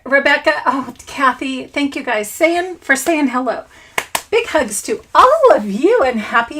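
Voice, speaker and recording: Woman, high voice, middle-aged, bubbly, casual livestream host, greets viewers by name, home craft room. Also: a bit bright.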